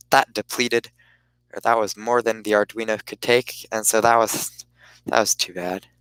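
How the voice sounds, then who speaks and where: A man talking on a live stream at an unhurried, slow pace. His voice is smooth and clean, recorded dry and close with no room sound. He rambles and stops and starts, often breaking off his own sentences. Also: medium pitch, sharp tone, no room sound, poor audio. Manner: rambling, halting, self-interrupting. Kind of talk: casual live-stream chat.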